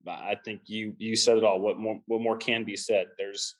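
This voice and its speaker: A man co-hosting a sports talk podcast, who speaks haltingly with many fillers and restarts. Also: on the low side, level tone, low-quality recording. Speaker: podcast co-host.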